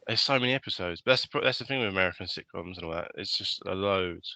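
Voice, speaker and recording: A man's voice: deep voice, fast talker, sharp tone, no room sound. A young man co-hosting a podcast, chatting casually, rambling with lots of fillers and swearing freely. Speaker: podcast co-host. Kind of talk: casual chat.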